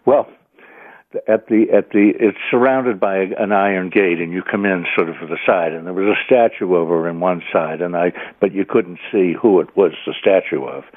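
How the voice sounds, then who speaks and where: A man with a Boston accent calling in to a radio show, telling a story in a rambling, halting way full of fillers. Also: low-pitched, no echo. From Boston area, US. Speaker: caller. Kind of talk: phone-in storytelling. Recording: tinny phone line.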